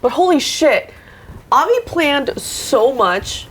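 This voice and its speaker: Fairly high-voiced woman, swings all over in pitch, swears a lot, laughs a ton, chatting in a hotel room. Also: takes it slowly. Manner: lively and profane, laughs often. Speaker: co-host. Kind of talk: casual chat.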